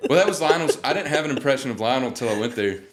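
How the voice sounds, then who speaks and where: A young man, a guest singer, telling animated, joking stories in a casual interview. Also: medium pitch, racing.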